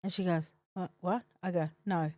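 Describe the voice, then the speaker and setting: Middle-aged woman, from South Africa, blunt deadpan storyteller, dry close podcast mic. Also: lowish voice, moderate pace, no room sound. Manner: blunt, deadpan comic storytelling with quoted voices. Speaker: comedian guest. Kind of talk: casual storytelling chat.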